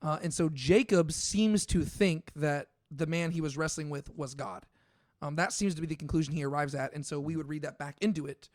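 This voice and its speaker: A man's voice: fairly high pitch, brisk, darkish tone, no room sound, clean studio sound. Chatty man with a light, slightly raised voice. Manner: thinks aloud with many fillers and restarts. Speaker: podcast co-host. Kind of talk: casual Bible discussion.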